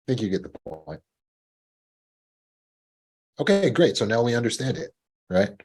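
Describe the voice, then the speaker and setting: A man's voice: medium pitch, big pitch swings, a little slow, a little mellow, breathy edge. A man coaching listeners about panic, in a teaching talk, who acts out anxious inner voices in a rising tone and repeats words as he restarts. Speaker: trauma recovery coach.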